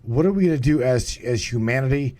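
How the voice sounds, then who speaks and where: A man's voice: mid-range voice, expressive, brisk, warm tone. Stammering man hosting a live show. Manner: stammering, restarting phrases. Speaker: show host. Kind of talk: casual live show chat. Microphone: online call setup.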